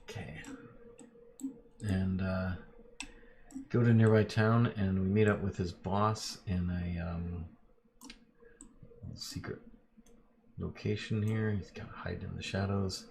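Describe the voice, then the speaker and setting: A man's voice: low voice, fairly even intonation, slow pace, creaky, pauses often, a little mellow, slight background noise. A man running a tabletop role-playing game on a live stream, narrating loosely with plenty of fillers. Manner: loose, lots of fillers, laughs easily. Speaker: game master.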